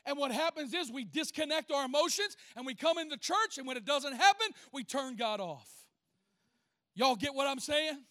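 A man's voice: very high voice, normal speed, no room sound, studio quality. A man preaching a sermon as pastor, telling folksy stories and calling out to the congregation. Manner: folksy, animated storytelling, calls out to the congregation.

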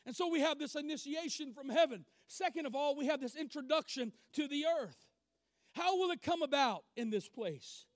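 A man with a strikingly high voice preaches a sermon emphatically, swinging from loud declarations down to quiet asides. The audio is close and dry, without any room echo.

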